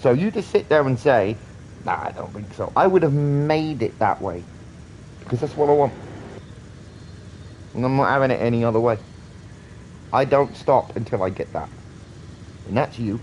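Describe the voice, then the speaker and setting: A man's voice: mid-range voice, animated, normal speed, pauses often, darkish tone, slight background noise, poor audio. A British man in his thirties rambling earnestly in a casual live-stream chat, swearing often. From Britain.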